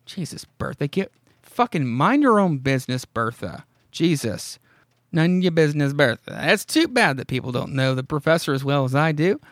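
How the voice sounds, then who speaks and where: A man hosting a podcast who rambles through a horror comic recap. His voice sits a little high for a man, and he swears casually and breaks off into amused asides. The recording is close and dry, with no room sound. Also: very animated, normal speed, fairly bright tone, no room sound. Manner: rambling and profane, reads dialogue aloud with amused asides. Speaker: podcast host.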